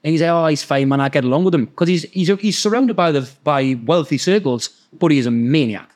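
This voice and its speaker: Geordie bloke, chatty storyteller, fairly high-pitched, swears a lot and does everyone's voices. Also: male voice, fairly quick, a little mellow. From North East England. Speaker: podcast guest storyteller. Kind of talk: casual storytelling.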